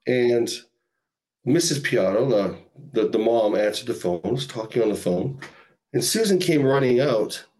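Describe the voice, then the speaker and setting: A man's voice: medium pitch, darkish tone. Male podcast guest from Canada, casual rambling storyteller, mid-range voice. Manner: rambling, lots of "like" and "you know".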